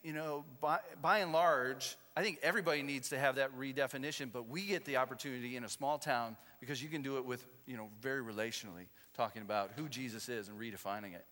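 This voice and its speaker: A man talking quickly and reflectively in a conversation. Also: mid-range voice, pushed and bright, in a large hall.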